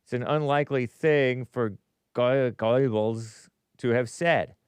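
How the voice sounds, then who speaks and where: A man's voice: mid-range voice, slow pace, clean tone, no room sound. A man hosting a call-in show in casual live-stream chat, musing aloud and stumbling over hard names.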